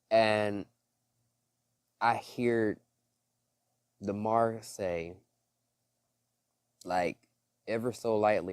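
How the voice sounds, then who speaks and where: A man's voice: on the low side, steady tone, takes it slowly, long pauses, a little mellow, dry recording, studio quality. A man giving casual spiritual commentary to his viewers, preachy and urgent, often calling them "y'all.". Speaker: religious video creator.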